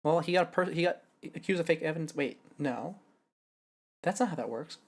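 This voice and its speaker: A man's voice: fairly high pitch, moderate pace, vocal fry. A young man streaming a game live, musing to himself and correcting himself as he works out character voices. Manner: musing, self-correcting, thinking aloud.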